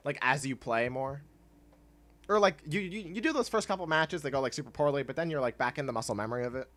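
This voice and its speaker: A man streaming a game, chatting casually with his viewers in a laid-back, rambling way and laughing often, with soft music playing behind him. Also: medium pitch, expressive, normal speed, pauses often. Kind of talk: casual chat while gaming. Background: soft chill music.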